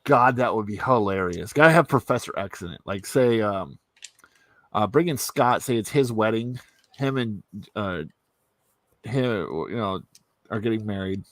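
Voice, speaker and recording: A man hosting a casual live stream, talking in a rambling, animated way and swearing freely. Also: on the low side, moderate pace, no room sound. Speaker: stream host. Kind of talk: casual chat.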